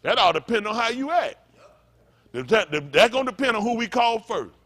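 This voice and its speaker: A man's voice: high voice, big pitch swings, a little fast, a bit bright. A male pastor preaching a fiery, blunt sermon, full of profanity and call-and-response asides.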